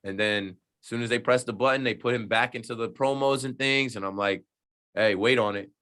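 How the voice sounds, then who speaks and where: A man's voice: mid-range voice, a little fast. A man from the New Jersey shore, a sports radio host, chatting on a podcast in an emphatic way and acting out the people he quotes. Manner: emphatic, acts out quoted exchanges in lively voices. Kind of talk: casual podcast chat.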